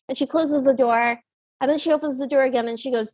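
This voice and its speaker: High-voiced woman podcast co-host. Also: fairly quick, no echo. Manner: animated retelling, voicing characters in passing. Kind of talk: casual recap chat.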